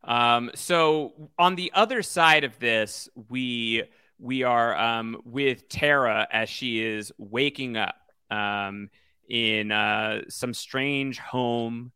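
A man co-hosting a podcast, speaking with a bright, clear tone in a dry, close sound. He chats casually and haltingly, with many fillers and restarts. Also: medium pitch, no echo. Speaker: podcast co-host. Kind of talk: casual chat about a video game.

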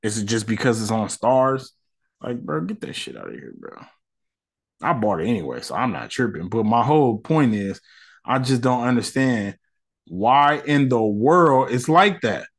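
A man's voice: medium pitch, sing-song, normal speed, creaky, husky. A man hosting a casual solo podcast, talking in slangy, ranting commentary. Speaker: podcast host.

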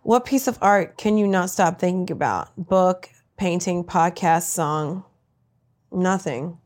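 A woman comedian answering rapid-fire interview questions with brash, crude, self-mocking punchlines. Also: lowish voice, a little mellow.

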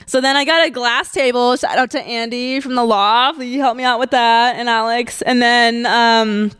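A woman's voice: on the high side, steady tone, moderate pace, a bit bright, clean tone, no room sound. A woman, hosting a solo podcast and chatting casually, gushing and laughing often. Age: 20s. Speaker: podcast host.

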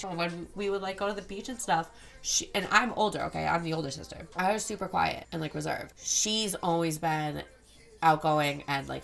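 A woman's voice: fairly low pitch, gravelly, a bit bright. A young woman hosting a solo podcast, talking candidly and rambling, swearing often. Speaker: podcast host. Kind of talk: casual solo podcast chat.

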